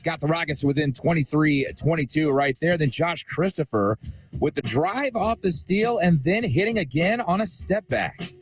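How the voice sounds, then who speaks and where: A man narrating basketball highlights as a studio host, upbeat and setting up each clip. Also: animated, moderate pace, a bit bright, husky, dry recording. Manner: upbeat, hyping the next clip.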